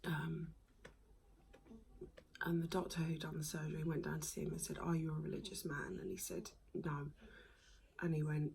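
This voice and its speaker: A woman, recounting a hard personal story to camera in a soft, halting voice that often drops to a whisper. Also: low voice, creaky, rough recording. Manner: soft-spoken, halting, with many ums and frequent whispery stretches. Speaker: vlogger.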